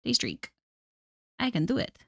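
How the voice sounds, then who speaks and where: A woman's voice: measured pace, no room sound, studio quality. A woman streamer chatting casually on a live art stream, self-deprecating and laughing often.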